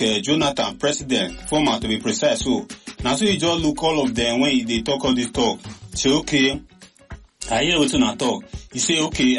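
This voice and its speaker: A man with a Nigerian Pidgin accent, hosting a show and giving animated, casual commentary full of exclamations. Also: medium pitch. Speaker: radio or online show host.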